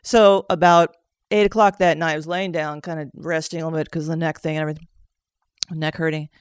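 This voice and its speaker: Woman, emotional storyteller, animated, dry close sound. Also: deep voice, quick pace, smooth, dry recording. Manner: animated, jumps into quoting herself and others; tears up while telling it. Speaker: session participant sharing a story.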